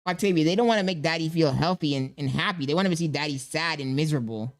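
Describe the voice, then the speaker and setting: A man's voice: fairly high pitch, quick pace, hardly any pauses. Exasperated young male streamer. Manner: exasperated, talks to chat and his baby. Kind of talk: casual livestream chat.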